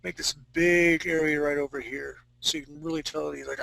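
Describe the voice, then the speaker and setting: A man's voice: on the high side, steady tone, a little fast, gravelly, sharp tone, no room sound, low-quality recording. A man teaching a live fantasy-art drawing class, talking casually and joking with his students. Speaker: art instructor.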